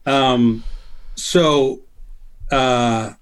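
A middle-aged man telling a lively story in casual chat, acting out what people said in a higher voice. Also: very slow, smooth. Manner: animated, acts out quotes in a higher voice. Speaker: guest storyteller. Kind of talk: casual anecdote on a podcast.

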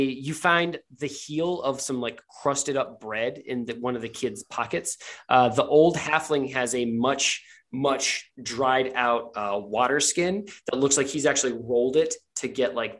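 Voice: mid-range voice, fairly bright tone. A game master narrating a tabletop game, describing scenes in a rambling way full of fillers.

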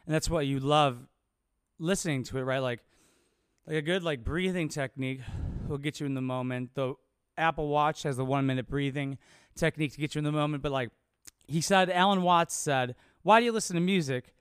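A man's voice: on the high side, brisk, clear, resonant tone, no room sound, studio quality. A young adult man, a comedian, rambling casually and cursing freely in a solo monologue. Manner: rambling, profane, laid-back.

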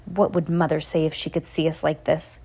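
A woman reading as a bossy eldest witch, commanding and decisive, low voice, storybook reading. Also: flat delivery, a little fast, dark tone, husky. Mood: stern.

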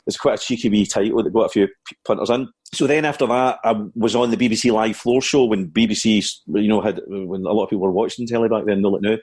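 A middle-aged Scottish comedian telling anecdotes in an interview, chatty, with many restarts. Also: male voice, on the low side, a little mellow, husky. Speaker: comedian and guest. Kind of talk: storytelling in an interview.

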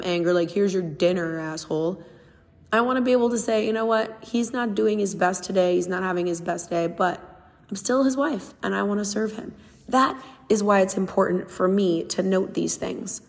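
A woman's voice: mid-range voice, darkish tone. Young female podcast host, candid and emphatic, reverberant room sound. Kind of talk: casual solo podcast talk.

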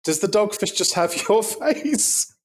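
A man's voice: high-pitched, measured pace. A man co-hosting a podcast, joking around in casual chat. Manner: playful, jokey, animated. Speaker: podcast co-host.

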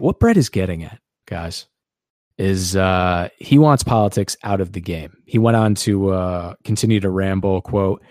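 Male podcast host, low-ish voice, sarcastic and rambling, dry recording. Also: a little slow, darkish tone, dry recording. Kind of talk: casual podcast chat.

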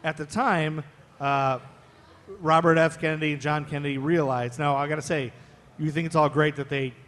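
On a live stage, a podcast co-host from Ohio tells history stories in a chatty, playful manner. His fairly high, slightly bright voice keeps a fairly even intonation at a normal speed, and the stage adds a long reverb.

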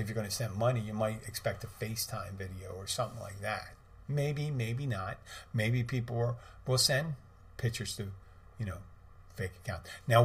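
A middle-aged man hosting a podcast, telling a story in a rambling, casual way with many restarts and asides. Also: on the low side. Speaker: podcast host.

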